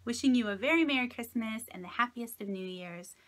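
A woman's voice: fairly high pitch, fairly quick. Gushing woman opening craft mail. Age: 30s. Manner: gushing, delighted, soft-spoken. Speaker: craft vlogger. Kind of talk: casual mail-opening vlog.

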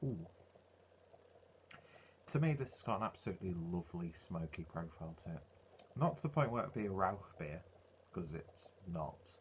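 A man's voice: sits low, animated, normal speed, long pauses, a little hiss or hum. A man reviewing a beer in a casual, rambling way, full of ums and uhs.

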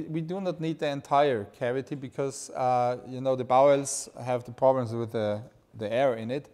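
A man's voice: medium pitch, a little mellow. Enthusiastic Styrian-accented male lecturer. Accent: Styrian Austrian. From Austria. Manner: enthusiastic, informal, joking. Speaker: anatomy lecturer. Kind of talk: live lecture.

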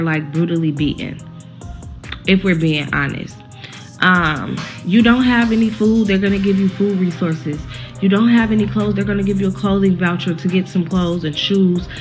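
Talking straight to her audience, this 20-something creator who cares for a neighbor's kid is blunt and fired up, cursing freely in a laid-back vlog update. Her voice sits on the low side with a steady tone and moderate pace, and faint music runs behind her.

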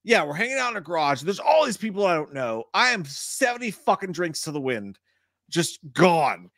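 High pitched guy, totally dry close sound, rambling about a drunk night. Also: big pitch swings, moderate pace, fairly bright tone, no echo. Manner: chiming in with jokes, then rambling about his own night. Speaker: podcast co-host. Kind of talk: casual storytelling chat.

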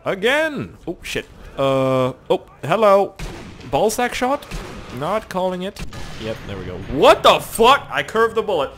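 Young male gamer, let's play commentary, goofy rambling delivery, swings high and low. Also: fairly bright tone, slight background noise. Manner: rambling, joking, swears a lot. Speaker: gaming YouTuber.

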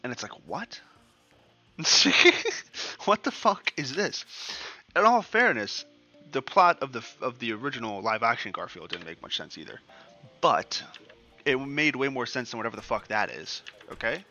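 A man's voice: mid-range voice, sing-song, moderate pace, bright, forceful tone, lo-fi sound, soft background music. A young man giving casual, profane commentary over a game he is playing, rambling and ranting as he goes. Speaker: gaming streamer.

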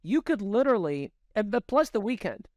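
A man co-hosting a podcast, telling stories in a profane, animated, casual way. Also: high voice, fairly quick, no room sound. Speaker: podcast co-host.

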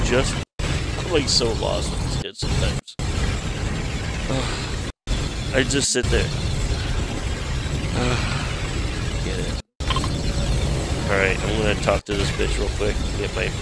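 A man's voice: on the low side, gravelly. A young man streaming a game, chatting casually and profanely, telling stories with lots of laughter. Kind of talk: casual gaming chat. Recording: loud background noise.

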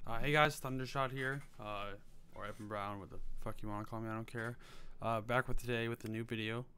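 A man's voice: mid-range voice, steady tone, brisk, sharp tone, smooth. A young man giving casual, loose advice on gaming commentary, with lots of fillers and offhand swearing. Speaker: gaming video creator. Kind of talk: casual advice talk to camera.

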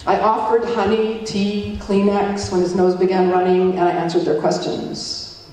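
A middle-aged woman giving a public talk to a community. She tells her story and acts out the dialogue by shifting her pitch. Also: completely flat delivery, unhurried, noisy background. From Alberta, Canada. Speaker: guest speaker warning communities. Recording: echoey hall from a distant mic.

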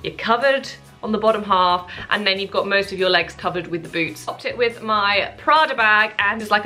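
A woman's voice: medium pitch, sharp tone. A young woman in her twenties chatting to camera as a fashion vlogger, bubbly and self-mocking. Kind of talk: casual chat to camera.

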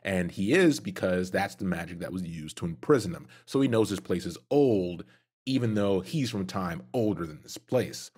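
A man with a low, husky voice co-hosting a casual lore podcast. He recaps the story in an easygoing, agreeable way. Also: animated, normal speed, darkish tone. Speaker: podcast co-host.

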